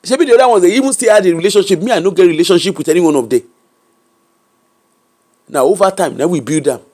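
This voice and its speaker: Animated Nigerian woman telling her story. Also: fairly low pitch, fast. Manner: animated, emphatic, mixes Pidgin and Yoruba into English. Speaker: interview guest. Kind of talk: candid personal storytelling.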